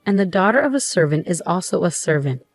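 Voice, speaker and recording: A woman's voice: fairly low pitch, lively intonation, fast talker, no room sound, faint music behind. A woman voicing a harsh, bossy older mother-in-law in a storybook narration, speaking in a scolding, commanding way.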